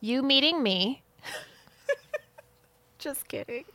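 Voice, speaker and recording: A woman's voice: high-pitched, animated, very slow, pushed and bright, dry recording. A woman co-hosting a podcast, chatting candidly and swearing freely. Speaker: podcast co-host. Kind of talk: casual chat.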